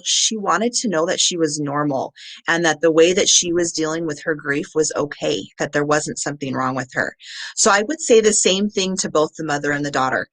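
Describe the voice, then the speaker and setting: A woman with a bright, clear voice walks trainees through her method in an earnest, patient way. She talks casually and pauses often with small fillers. The sound is dry and close, with no room around it. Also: deep voice, dry recording. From Southern Nevada. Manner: earnest, explains step by step with many ums. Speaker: crisis support trainer. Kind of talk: live-streamed training presentation.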